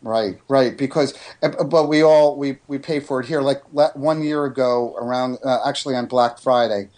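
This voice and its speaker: Man from New Jersey, medium-pitched, earnest storyteller who restarts his sentences; interview guest. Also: fairly even intonation, moderate pace, darkish tone. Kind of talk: casual radio interview talk.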